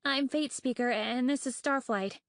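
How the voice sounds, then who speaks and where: Rich: A squeaky young dragoness who talks in shrill, panicked rushes, pitched well above plain speech, as a woman puts her on in an audiobook. Recorded close with no room sound. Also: no echo. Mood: nervous. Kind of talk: audiobook character voice.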